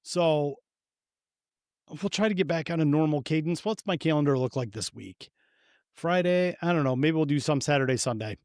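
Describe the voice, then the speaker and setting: A man, co-hosting a podcast in crude, profane banter. His voice sits a little high for a man, close and dry on the mic. He tells stories with loud, animated energy. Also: moderate pace, no room sound. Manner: profane, joking, animated storytelling. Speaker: podcast co-host. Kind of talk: crude casual chat.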